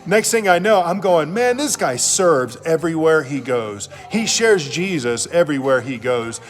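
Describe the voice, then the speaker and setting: A man's voice: on the high side, expressive, moderate pace, faint music behind. Upbeat slangy pastor, man. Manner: enthusiastic, slangy, storytelling. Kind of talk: casual motivational talk.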